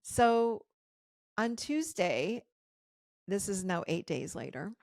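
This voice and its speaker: Gravelly-voiced woman telling a personal story. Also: mid-range voice, slow pace, no room sound, studio quality. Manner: candid, animated retelling with quoted dialogue. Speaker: podcast host.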